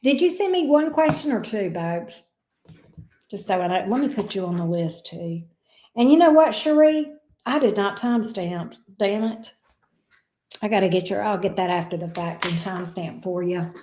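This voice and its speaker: Expressive and dark-toned at a mid-range pitch, a Southern-drawling tarot reader chats casually with livestream viewers at a moderate pace. She uses endearments like babes and love bug, with slight background noise and an echoey room.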